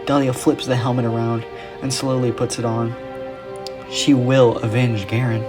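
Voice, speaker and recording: A storyteller narrating a dark fantasy tale in an earnest, even manner. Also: mid-range voice, moderate pace, music in the background.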